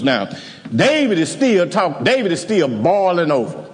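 A man preaching a sermon, emphatic and animated, chuckling as he tells the story. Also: high-pitched, normal speed, big-room sound.

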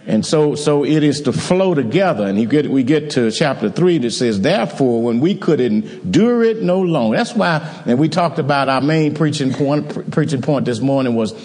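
A man's voice: medium pitch, expressive, normal speed, darkish tone. A man preaching an evening sermon in a church, talking conversationally and often repeating words. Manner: conversational, repeats words, call-and-response amens. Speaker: pastor. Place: church sanctuary. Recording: reverberant church hall.

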